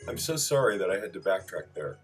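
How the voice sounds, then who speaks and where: A man's voice: sits low, big pitch swings, a little fast, faint music behind, low-quality recording. A man reading out terse study notes on civil procedure as a list, with wry asides and apologetic backtracking. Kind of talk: reading lecture notes aloud.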